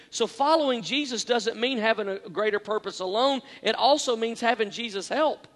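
In a large church hall with long reverb, a male pastor preaches in a strikingly high voice at normal speed with few pauses. Earnest and self-deprecating, he drives points home by repeating phrases and swings from hushed to loud.

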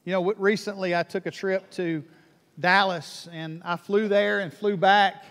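A man from Alabama preaching a sermon, animated, repeating words and acting out people's prayers. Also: sits high, unhurried. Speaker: pastor. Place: church sanctuary. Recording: long reverb of a church hall.

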